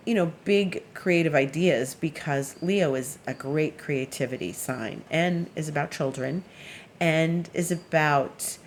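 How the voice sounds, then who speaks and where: A woman's voice: low-pitched, slight background noise. A woman astrologer giving a casual weekly forecast, chatty and meandering, who laughs while telling stories.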